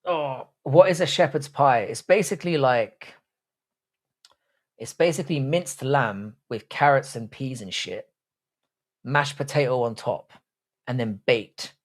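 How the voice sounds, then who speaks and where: A man's voice: medium pitch, measured pace. A young man hosting a live stream and chatting with viewers, blunt and profane. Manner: crude, profane banter. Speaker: livestream host. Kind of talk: casual live chat reading comments.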